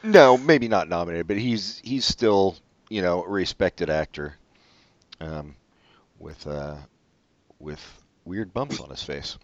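A man's voice: sits low, lively intonation, takes it slowly, dry recording. A man co-hosting a casual film podcast, rambling and trailing off, swearing when he slips. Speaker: podcast co-host. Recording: dry, dull lo-fi sound.

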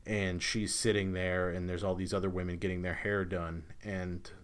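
A man's voice: deep voice, flat delivery, moderate pace, clear, resonant tone. A man co-hosting a podcast, discussing a film in a casual, rambling way with frequent restarts. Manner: rambling, many restarts and fillers. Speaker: podcast co-host.

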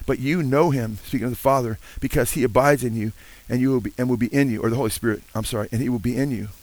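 Here an older man preaches fast, his voice at a medium pitch. He's a pastor, earnest and warm, saying amen often and singing bits of hymns in between his teaching. There's no room sound, but the recording is rough.

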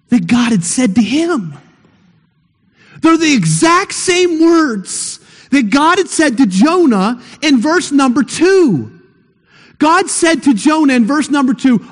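Male pastor, high-pitched voice, slow deliberate sermon, long church hall reverb. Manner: emphatic preaching, rising to shouts at peaks.

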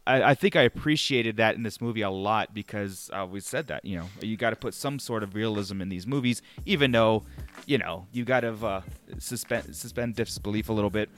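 A man's voice: lowish voice, fairly quick, fairly bright tone. A young man co-hosting a casual film review chat, rambling enthusiastically with lots of fillers. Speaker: podcast co-host.

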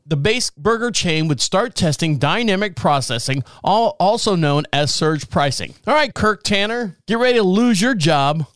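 High-pitched guy in his 40s doing a jokey rambling monologue on his show, dry close mic. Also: fairly bright tone, smooth, no room sound. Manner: joking, rambling, laughs at own jokes. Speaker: podcast host. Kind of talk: casual talk show monologue.

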